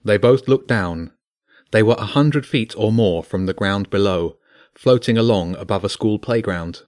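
A man's voice: on the low side, moderate pace, no echo, studio quality. A man narrating a children's fantasy book, voicing each character. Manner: expressive, voices each character.

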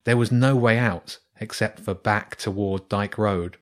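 A man reading a children's storybook aloud in a steady, measured way. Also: on the low side. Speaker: narrator.

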